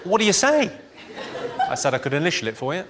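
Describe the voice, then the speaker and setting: A man performing a stand-up comedy set in deadpan one-liners, with clipped delivery. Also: a little high, fast. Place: large venue with live audience. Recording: live show with loud crowd laughter and noise.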